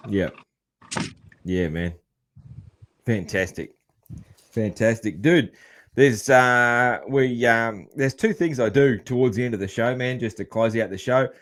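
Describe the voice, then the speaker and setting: A man's voice: medium pitch, measured pace, long pauses, a bit bright. A man with an Australian accent hosting a casual podcast interview, laid-back and rambling. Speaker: podcast host.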